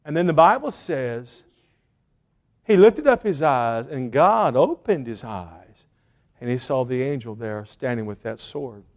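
A man preaching a sermon as a pastor, retelling a story in an animated way and acting out the quotes. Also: mid-range voice, unhurried.

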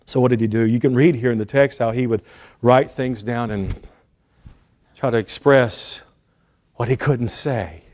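A man preaching a sermon with animated emphasis, dropping to hushed asides and acting out the people he quotes. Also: mid-range voice. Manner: acts out quoted speakers in lively voices.

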